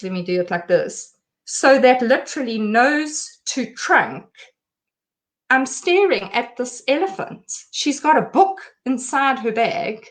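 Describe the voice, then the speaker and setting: A middle-aged woman speaking as an interview guest, telling a personal story in an emotional, halting way with many restarts. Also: on the high side.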